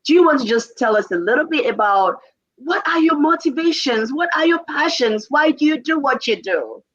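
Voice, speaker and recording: A woman's voice: sits high, lively intonation, moderate pace, a bit bright. Woman hosting an interview, stammers and repeats herself, laughs a lot, kinda muffled lo-fi audio. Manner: hesitant, repeats words, laughs often. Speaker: host.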